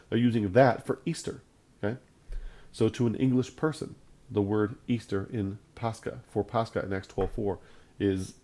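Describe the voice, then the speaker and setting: A man's voice: lowish voice, a little mellow. A man teaching a Bible lesson on video in an emphatic, conversational way, often repeating his points for stress.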